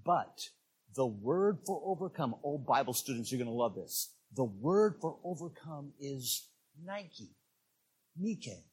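A man preaching as a visiting evangelist, talking directly to the congregation and climbing into loud, shouted peaks on key words. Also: medium pitch, expressive, a little slow, breathy edge. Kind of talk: sermon. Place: church.

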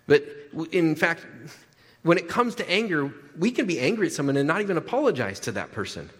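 A man preaching a sermon as a pastor, animated, often repeating his words and checking in with the congregation. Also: fairly high pitch, a little fast. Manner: animated, repeats words, asks the crowd "right?". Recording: long hall reverb.

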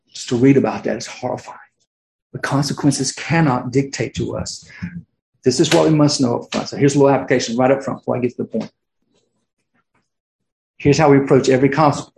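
Pastor preaching in a roomy church. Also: male voice, medium pitch, gravelly, a little mellow, a little hiss or hum. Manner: conversational preaching with many fillers and restarts. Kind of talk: sermon. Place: church sanctuary.

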